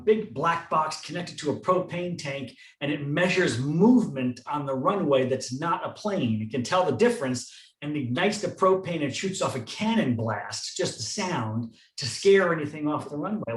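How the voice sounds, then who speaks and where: A man's voice: fairly high pitch, animated, moderate pace. A man co-hosting a podcast, telling stories in a dry, matter-of-fact conversational way. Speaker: podcast co-host. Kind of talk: casual conversational chat. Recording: roomy sound, distant from the mic.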